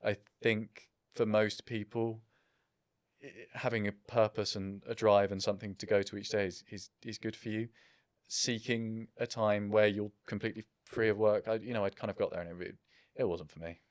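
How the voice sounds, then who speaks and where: A man's voice: on the low side, flat delivery, normal speed, no room sound, studio quality. A man in his thirties, a business founder, talking in a casual interview in a reflective, self-deprecating way.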